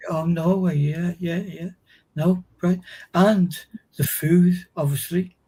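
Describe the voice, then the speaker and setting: Slow, mellow-voiced man chiming in. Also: high voice, fairly even intonation, husky. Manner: slow, brief agreeing interjections. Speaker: guest. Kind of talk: casual chat.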